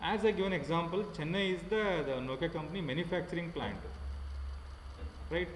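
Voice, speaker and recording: A man's voice: on the high side, a little hiss or hum. Man with an Indian accent, teaching in an echoey room. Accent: Indian English. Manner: repetitive, halting, many fillers. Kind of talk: online class lecture. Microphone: computer mic without headphone.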